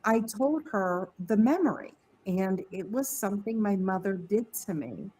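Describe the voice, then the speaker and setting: A woman telling a candid personal story on a podcast, lively and quoting others in her tale. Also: mid-range voice, measured pace, slight background noise, poor audio. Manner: candid, animated, mimics voices in quotes. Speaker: podcast guest. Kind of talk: casual storytelling.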